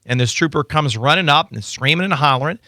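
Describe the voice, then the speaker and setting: A man appearing as an attorney guest, chatting casually in a radio studio and telling animated stories with lots of restarts. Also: fairly high pitch, fast talker, dry recording. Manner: animated storytelling with frequent restarts. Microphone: studio microphone.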